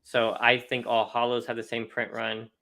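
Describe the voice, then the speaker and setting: A man's voice: medium pitch, monotone, moderate pace, gravelly, sharp tone. A young man co-hosting a casual, chatty talk about trading cards, laughing often. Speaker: co-host of a card collecting show. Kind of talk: casual chat.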